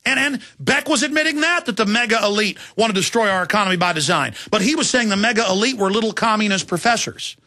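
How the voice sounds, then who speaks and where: A man's voice: high-pitched, animated, fast, few pauses, pushed and bright, dry recording, studio quality. A man in his thirties hosting a talk radio show, delivering an intense, emphatic, ranting political monologue.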